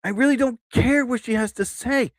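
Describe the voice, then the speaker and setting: A man's voice: very high voice, normal speed, no echo. A man in his fifties telling stories on a live stream in a casual, chatty way, laughing at his own jokes. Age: 50s.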